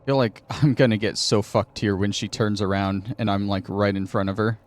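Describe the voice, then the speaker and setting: A man's voice: fairly low pitch, steady tone, normal speed. A man hosting a gaming channel, thinking aloud and muttering to himself in casual commentary while he plays.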